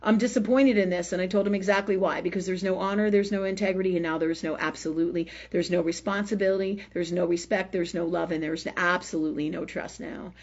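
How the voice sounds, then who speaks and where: Casting: woman, husky voice with some breath in it, unscripted spiritual talk, blunt and profane, dull lo-fi stream sound. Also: lowish voice, flat delivery, fast talker, hardly any pauses. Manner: emphatic, swears freely, keeps asking "right?". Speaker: spiritual teacher hosting a live forum.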